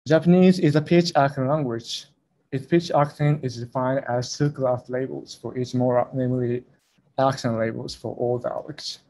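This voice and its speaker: Mellow-voiced man giving a conference talk. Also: medium pitch, steady tone, moderate pace. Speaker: conference presenter. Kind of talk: academic talk over a video call.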